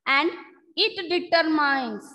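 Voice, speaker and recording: A woman teacher with a notably high voice runs an online lesson, coaxing answers from students. She repeats key terms slowly and patiently for note-taking. Her voice carries a long, echoing reverb. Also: lively intonation, bright, forceful tone.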